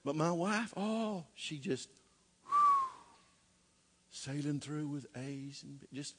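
A man's voice: on the high side, lively intonation, slow, very noisy. A middle-aged man preaching a sermon in a folksy way, with joking asides and rhetorical questions. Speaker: pastor.

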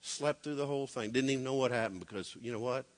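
A middle-aged man preaching a sermon, swinging from loud, urgent exhortation to hushed, intimate storytelling. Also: mid-range voice, fast talker, long reverb tail. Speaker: pastor.

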